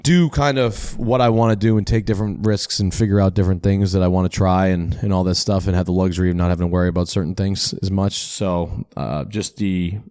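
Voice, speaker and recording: A man's voice: sits low, fairly even intonation, a little fast, hardly any pauses, mellow, smooth, no room sound. A man talking as a podcast guest in casual chat, rambling through profane, self-deprecating stories.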